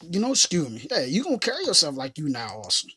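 A woman's voice: low-pitched, big pitch swings, quick pace, bright, forceful tone, husky. A woman hosting a casual motivational talk, who speaks emphatically and repeats her phrases in a slangy, conversational way. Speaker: motivational podcast host.

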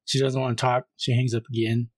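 A podcast co-host casually recaps a horror movie scene by scene on a film show, reading the caller's lines in a flat voice. His mid-range voice is slightly rough and a little fast, in a dry recording.

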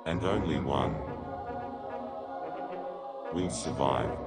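A booming, gravelly movie-trailer announcer. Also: male voice, lively intonation, full character voice. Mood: ominous. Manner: slow, dramatic trailer delivery. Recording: music bed under voice. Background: dramatic brass music.

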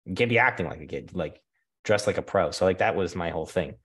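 Man, thirties, deep voice, casual storytelling, filler-heavy, laughing. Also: lively intonation, fast, fairly bright tone, breathy edge. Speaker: guest.

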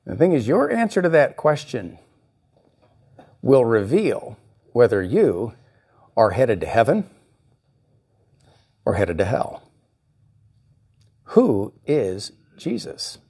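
A man's voice: mid-range voice, sing-song, slow pace, long pauses, mellow, slightly rough. A male pastor preaching a sermon, reading scripture and acting out the voices he quotes. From United States.

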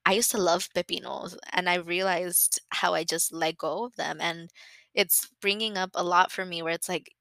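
A woman's voice: fairly low pitch, steady tone, normal speed, a bit bright, no room sound. A young woman hosting a podcast, talking frankly and openly in a candid personal monologue, swearing freely and getting emotional. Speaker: podcast host.

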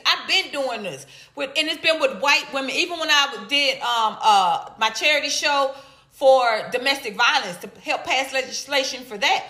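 A comedian from Atlanta talks straight to her viewers, her high, bright voice lively and playful as she stretches out teasing repeats. The room around her rings with noticeable echo. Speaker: stand-up comedian. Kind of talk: casual vlog reading viewer comments.

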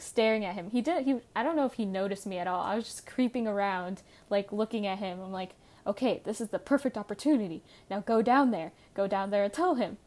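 A woman's voice: mid-range voice, darkish tone. A teenage girl tells a personal story in a loose, casual way. She rambles and corrects herself mid-sentence, with plenty of fillers. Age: teens. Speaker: podcast host.

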